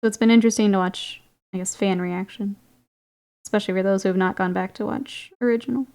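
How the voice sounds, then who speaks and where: Woman streamer, casual chat, creaky, laughs often, talks to chat. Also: medium pitch, fairly even intonation, fast, darkish tone. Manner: chatty, laughs often, reads and answers chat. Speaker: streamer painting miniatures.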